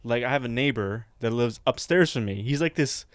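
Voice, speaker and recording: A man's voice: medium pitch, animated, a little fast, no echo, studio quality. Rambling laughing man on a podcast. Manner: rambling storyteller, laughs often, acts out voices in stories. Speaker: podcast co-host. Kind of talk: casual comedy podcast chat.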